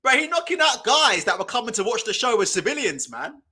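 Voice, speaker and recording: A man's voice: very high voice, very animated, fairly quick, pushed and bright. A man hosting a live boxing watch-along, commentating in a casual, mocking, profane way. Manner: mocking, laughing, loose and profane.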